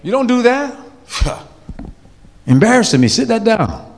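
A man preaching a sermon as pastor, emphatic and animated, calling out to the congregation. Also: very high voice, a little slow, long pauses, long reverb tail.

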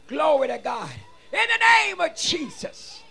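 A man preaching a shouted revival sermon in a church, fervently chanting and exhorting the congregation in call-and-response. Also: very high voice, sing-song, measured pace, soft background music. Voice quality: gravelly, husky. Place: church sanctuary.

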